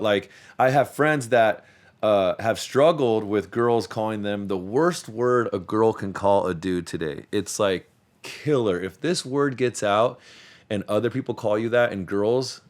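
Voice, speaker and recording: A man with a fairly low voice talks through a loose, rambling podcast chat. He swears freely and doubles back on his words, repeating them whenever he restarts a thought. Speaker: podcast host; youth sports coach. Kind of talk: casual chat.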